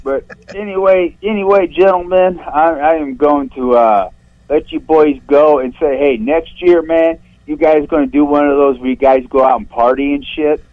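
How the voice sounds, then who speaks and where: Caller from St. Louis, male, higher voice, foul-mouthed and fired up, goes shrill when riled; dull phone audio. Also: normal speed. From St. Louis, USA. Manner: profane, voice jumps shrill when worked up. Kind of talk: angry call-in rant. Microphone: phone line.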